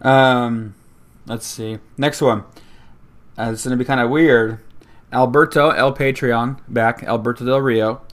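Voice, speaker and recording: A man's voice: medium pitch, steady tone, unhurried. Easygoing man, casual podcast host. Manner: easygoing, laughs often, stumbles over names. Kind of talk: casual chat.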